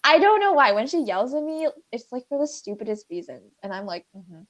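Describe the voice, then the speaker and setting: Young woman co-host, lively voice, rambling storyteller full of fillers. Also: high-pitched, brisk. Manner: filler-heavy, animated storytelling. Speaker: podcast co-host. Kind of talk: casual chat.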